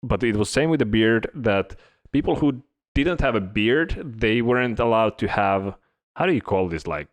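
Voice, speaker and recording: A man's voice: lowish voice, animated, moderate pace. A man co-hosting a podcast, telling work stories in a casual chat, with many hesitant restarts. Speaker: podcast co-host.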